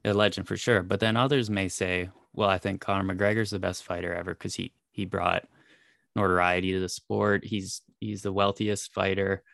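Deep gravelly Canadian man host. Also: level tone, normal speed, a bit bright, dry recording, clean studio sound. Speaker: podcast host. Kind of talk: casual podcast interview.

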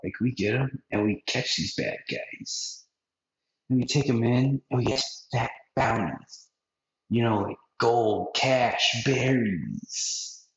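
A man's voice: mid-range voice, animated, slow pace. A man voicing a pair of laid-back young male pirate hunters who call everyone bro and man. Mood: smooth. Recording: roomy, dull lo-fi podcast audio.

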